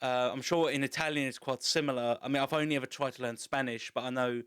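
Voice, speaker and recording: Smooth-voiced English podcast host. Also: male voice, medium pitch, fairly even intonation, fast, fairly bright tone. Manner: chatty, encouraging, swears casually. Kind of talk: casual interview chat.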